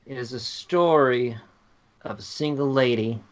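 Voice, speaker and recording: Slow-talking joking man, dull sound. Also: medium pitch. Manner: joking, unhurried. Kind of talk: casual chat, improvising a story.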